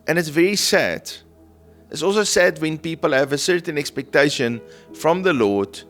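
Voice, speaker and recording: A man preaching a prophetic sermon in a gentle, earnest manner, often checking in with "okay?" and "right?". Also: on the high side, animated, moderate pace, faint music behind. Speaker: prophetic minister. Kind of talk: sermon teaching.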